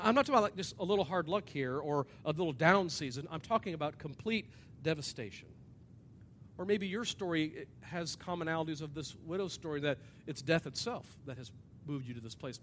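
A man preaching a sermon in a church, animated, acting out voices and swinging from loud to hushed. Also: fairly high pitch, slight background noise. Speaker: pastor. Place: church hall with an audience.

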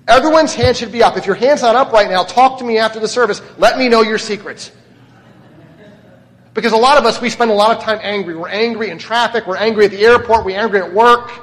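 A man's voice: high voice, fairly bright tone, long reverb tail. A man preaching a sermon as pastor, conversational and often putting questions to the congregation. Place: church.

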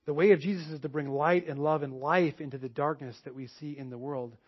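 A man preaching a sermon, telling a personal story with animated back-and-forth dialogue before turning to teaching. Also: a little high, fairly quick, slightly rough, lo-fi sound. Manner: animated storytelling, acts out both sides of dialogues. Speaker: pastor.

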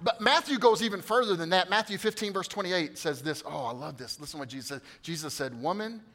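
A man preaches a sermon in a high, bright voice. He talks straight to the congregation and prods them to respond. He climbs to loud emphatic peaks, then drops to hushed asides. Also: fast talker. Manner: addresses the congregation directly, coaxing responses. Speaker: pastor.

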